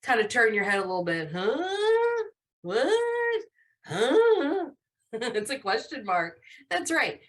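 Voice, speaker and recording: A woman teaching a live online class to young children, animated and encouraging. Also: mid-range voice. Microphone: video call.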